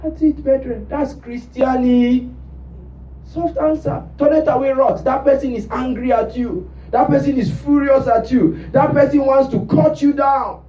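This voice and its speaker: A man's voice: extremely high pitch, fairly even intonation, normal speed, mellow, distant mic. A male pastor preaching a sermon in a church, prompting the congregation with rhetorical "what?" questions. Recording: roomy church sound from off mic.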